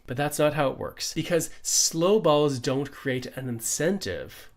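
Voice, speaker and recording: A man's voice: a little high, unhurried, hardly any pauses. A middle-aged man, a pickleball coach, giving an upbeat conversational lesson full of rhetorical questions. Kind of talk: instructional explainer.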